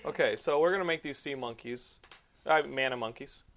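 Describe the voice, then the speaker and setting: A man hosting a radio show, chatting casually and excitably, swearing freely as he banters with guests. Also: medium pitch, a little fast. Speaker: show host.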